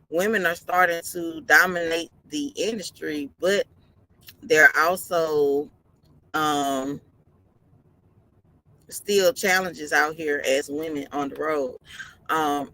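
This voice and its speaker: A woman's voice: low-pitched, fairly even intonation, takes it slowly, pushed and bright, poor audio. A woman truck driver talking casually on a live stream from inside her parked truck cab, tired and yawning, earnestly repeating her advice.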